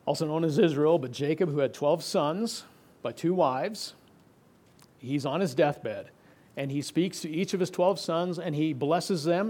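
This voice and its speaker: A middle-aged man preaching a sermon, explaining scripture verse by verse, moving between emphatic passages and quiet, hushed ones. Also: on the high side. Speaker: pastor.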